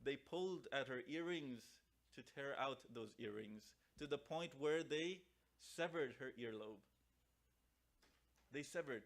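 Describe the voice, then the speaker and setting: A man's voice: on the high side, moderate pace, fairly bright tone. A man, a cleric in a mosque, telling a mournful story in a memorial sermon that rises into lament. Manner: emotional storytelling, rising to lament.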